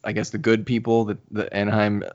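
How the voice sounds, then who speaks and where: Animated man recapping a story. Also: fairly low pitch, a little fast. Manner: animated storytelling, acts out characters' lines. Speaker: podcast co-host. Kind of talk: casual chat recapping a manga. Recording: slightly dull lo-fi audio.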